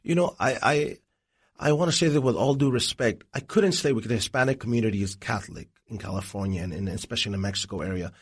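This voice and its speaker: A man, a Christian evangelist, telling his life story as an interview guest in an earnest, animated way. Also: on the low side, fast, slightly rough. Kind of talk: personal testimony in an interview.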